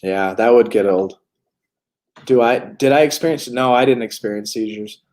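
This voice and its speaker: A man's voice: medium pitch, normal speed, a little mellow. Candid man in his forties, casual. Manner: candid, joking, plain-spoken. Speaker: recovery livestream host. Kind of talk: casual live chat.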